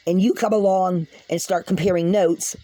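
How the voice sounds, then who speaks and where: A woman's voice: lowish voice, steady tone, normal speed, warm tone, no room sound, rough recording. Woman, tarot reader, chatty, laughs often, speaks directly to viewers. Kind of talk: casual spiritual reading to camera.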